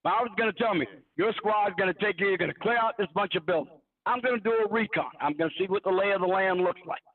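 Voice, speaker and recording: Combative high-voiced man on a phone line. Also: fast talker. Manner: combative, lecturing, talks in military terms. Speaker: caller. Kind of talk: heated call-in argument. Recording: tinny phone line from far off.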